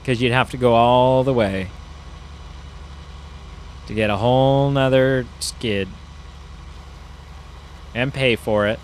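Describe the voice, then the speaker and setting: A man's voice: mid-range voice, steady tone, takes it slowly, pauses often, a little hiss or hum. A man giving casual, rambling commentary while playing a farming game, musing aloud with lots of fillers. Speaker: gaming YouTuber.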